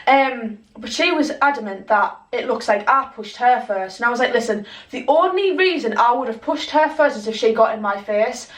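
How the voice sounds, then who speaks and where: A young woman telling a story in casual chat, animated, swearing and acting out what people said. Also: on the high side, moderate pace, hardly any pauses. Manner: animated, swears a lot, acts out quotes. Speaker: vlogger. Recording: echoey room, mic at a distance.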